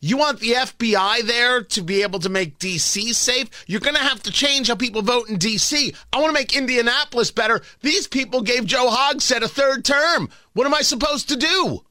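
A middle-aged man hosting a talk radio show, delivering a sarcastic, combative monologue that swings from low mutters to loud mocking outbursts into a studio mic. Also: moderate pace, hardly any pauses, no echo. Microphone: studio broadcast mic.

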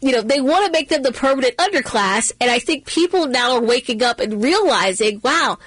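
A woman hosts a political talk radio show and speaks with emphatic, punchy repetition. Her voice sits on the higher side. It is recorded dry and close on a studio microphone. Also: expressive, a little fast, a bit bright, breathy edge, dry recording, low-quality recording. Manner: emphatic, repeats phrases for punch.

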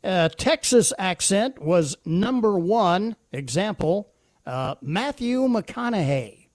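A man's voice: high-pitched, expressive, slow, darkish tone, dry recording, studio quality. A man hosting a talk show, chatty with many fillers. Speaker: radio talk host. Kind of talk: casual chat with bits.

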